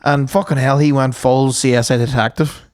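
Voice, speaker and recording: A man co-hosting a podcast, telling stories with swearing and quick impressions. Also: medium pitch, fairly even intonation, a little mellow, no room sound, studio quality. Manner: storytelling, swearing, mimics others. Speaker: podcast co-host. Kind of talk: casual banter.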